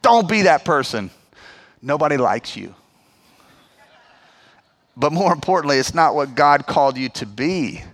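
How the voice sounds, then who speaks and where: Pastor, man, forties, high voice, chatty emphatic sermon delivery. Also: very animated, measured pace, long pauses, a bit bright. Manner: conversational, emphatic preaching with acted-out quotes.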